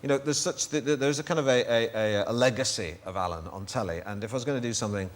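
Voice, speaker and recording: A man's voice: mid-range voice, fast talker. A man with a Northern English accent, a comedian guest on a TV chat show, talking with dry humour and stammering restarts. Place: TV studio with live audience.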